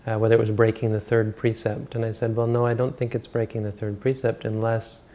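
Speaking in a lowish, level, warm voice, a man delivers an informal dharma talk as a Buddhist monk teacher. The talk rambles and halts, with many restarts and self-corrections.

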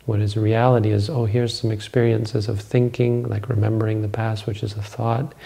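Male meditation teacher, husky and mellow, flat and even delivery. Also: on the low side. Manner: calm, measured, explanatory. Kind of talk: answering questions in a talk.

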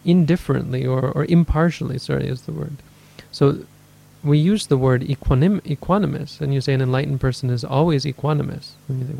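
Speaking a little fast with fairly even intonation, a man with a gravelly, mellow mid-range voice gives a question-answering dharma talk. He is a meditation teacher who thinks aloud thoughtfully, self-corrects, and acts out people's inner voices.

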